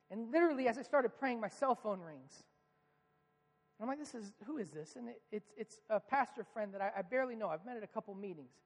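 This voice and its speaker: A man's voice: sits high, big-room sound. A man preaching a sermon as the church's pastor, earnest and asking the congregation questions.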